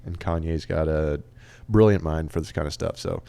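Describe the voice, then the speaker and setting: A man's voice: extremely low pitch, normal speed, creaky, warm tone. A man in his late twenties co-hosting a podcast, chatting casually and reading out album stats and review quotes. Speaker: podcast co-host. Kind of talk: casual chat.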